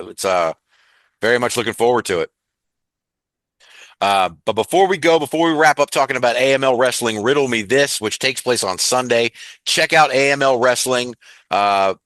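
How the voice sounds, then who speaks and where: Man, Southern US accent, podcast host, upbeat chatty wrestling news, bright voice, dry close sound. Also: mid-range voice, dry recording. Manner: upbeat, laughs often, chatty with fillers. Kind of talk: casual wrestling news chat.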